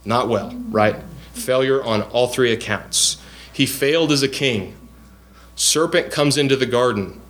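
A man of middle pitch teaches from scripture in an earnest, explanatory sermon. He stops often on fillers and restarts as he works through each point. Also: unhurried, a bit bright. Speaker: preacher.

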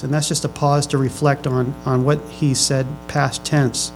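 A pastor preaching a sermon to his congregation. He reads scripture slowly, then presses the room with questions, often repeating and restarting his phrases. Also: medium pitch, little pitch movement, soft background music, low-quality recording.

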